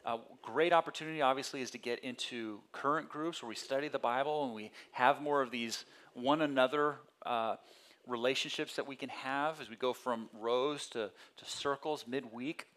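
A male pastor giving a conversational sermon, telling personal stories and acting out voices with lively energy. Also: mid-range voice, normal speed. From California. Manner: conversational storytelling with animated quoted voices.

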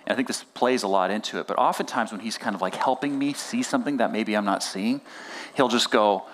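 A man preaching a sermon as pastor, conversational and animated, often acting out quoted dialogue. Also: medium pitch, quick pace.

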